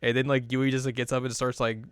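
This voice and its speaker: A man's voice: mid-range voice, little pitch movement, fast, clean tone, no room sound, studio quality. A young man co-hosting a casual anime recap, who keeps laughing and briefly voices the characters as he retells scenes. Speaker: co-host recapping an anime episode. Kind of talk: casual chat.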